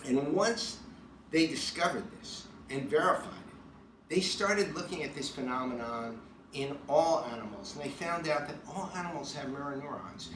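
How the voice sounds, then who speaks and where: A man's voice: medium pitch, a bit bright, a little hiss or hum. Emphatic man in an echoey room. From New York. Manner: emphatic, storytelling, stresses key words. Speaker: leadership speaker. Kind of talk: motivational talk to camera. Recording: echoey room, mic at a distance.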